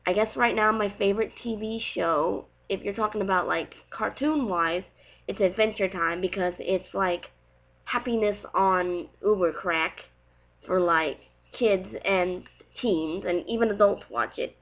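In this laid-back Q&A vlog, a young Southern-accented woman answers viewer questions in a chatty, wandering way, constantly dropping in "like" and "you know." She speaks at an unhurried pace in a mid-range voice. The audio has a lo-fi quality.

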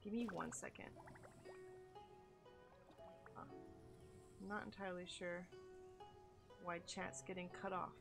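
A young woman streaming a game, chatting with viewers in an excitable, gushing way. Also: lowish voice, slow, gravelly, long pauses. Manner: excitable, gushing, squeals and laughs, chats with viewers. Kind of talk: live game-stream chat. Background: game music.

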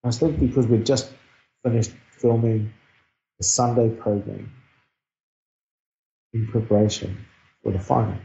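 A middle-aged New Zealand man with a New Zealand accent tells a personal story earnestly and reflectively. His voice is dark and mellow. The recording is dull and echoey. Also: fairly low pitch, steady tone, a little slow, creaky, long pauses. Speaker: guest speaker. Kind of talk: personal storytelling in a podcast interview.

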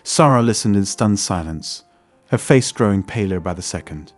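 A man narrating a first-person story in a steady, scripted way. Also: fairly low pitch, normal speed, dry recording, soft background music.

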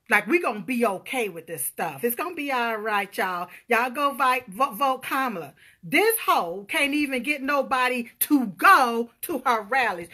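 A woman giving a loud, emphatic political rant to her viewers, calling out to them often. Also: on the high side, expressive, unhurried. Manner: loud, emphatic, calls out to viewers, punctuates with "huh?". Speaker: political vlogger.

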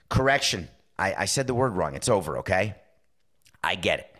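His voice sits low and sounds a bit bright as this middle-aged podcast host riffs casually on sports. Opinionated throughout, he acts out short lines of dialogue in passing asides.

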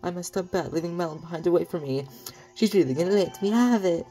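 A man voicing a sleepy, sheepish male ranch owner in a deliberately overdone mock Italian accent while reading game text. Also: high-pitched, dark tone, faint music behind, pitched above the performer's own voice, natural voice.

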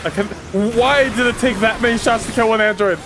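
A woman commentating her gameplay casually, excitable, swearing and trash-talking enemies. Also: a little high, brisk, music in the background. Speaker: gaming streamer.

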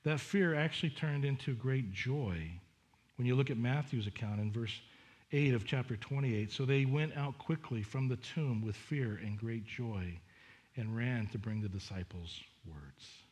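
A man's voice: mid-range voice, a little slow. A man preaching a sermon as pastor, reading scripture and acting out the voices of people in the story. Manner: animated, acts out voices of the women and disciples.

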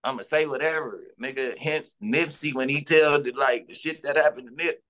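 A man from Los Angeles, speaking as a guest in an interview. He talks heatedly and insistently in a profane street slang, with a voice of ordinary, middle pitch. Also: moderate pace, few pauses, a bit bright.

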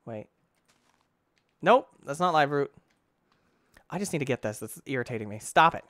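An excitable young man narrating his own gameplay, bouncing wildly between mutters and squeals. His delivery is dry and close, with no room around it, at an everyday middle pitch. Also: normal speed, no room sound. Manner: excitable, exclaims and talks to himself; mild cursing substitutes like frick and stinking. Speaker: gaming YouTuber. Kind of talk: let's play commentary.

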